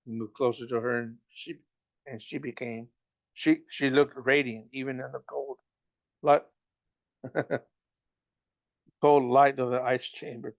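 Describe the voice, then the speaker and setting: A man reading a novel aloud, halting and restarting as he goes. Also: medium pitch, little pitch movement, creaky, dry recording, highs cut off. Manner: halting, with frequent restarts and slips. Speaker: reader.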